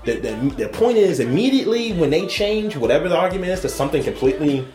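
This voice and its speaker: A man's voice: fairly high pitch, sing-song, quick pace, darkish tone, reverberant, soft background music. A man co-hosting a podcast in loose, crude banter, rambling and profane and laughing often. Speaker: podcast co-host.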